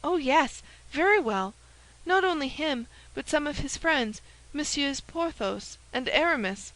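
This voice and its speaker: A woman's voice: high voice, expressive, unhurried, fairly bright tone, pitched above the performer's own voice, poor audio. A woman voicing a timid, earnest young novice who speaks in an eager, pleading way.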